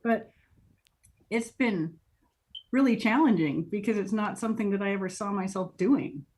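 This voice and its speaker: A woman's voice: mid-range voice, lively intonation, fast, a little mellow. A woman in her thirties with an American accent, answering interview questions in a chatty way and laughing often. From United States. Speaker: interview guest. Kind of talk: casual interview.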